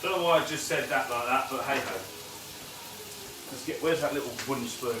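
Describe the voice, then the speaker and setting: A man's voice: medium pitch, brisk, noisy background. A man hosts a live cook-along from his home kitchen, chatting casually and greeting viewers by name as he cooks. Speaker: cooking show host. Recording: echoey kitchen with frying sizzle.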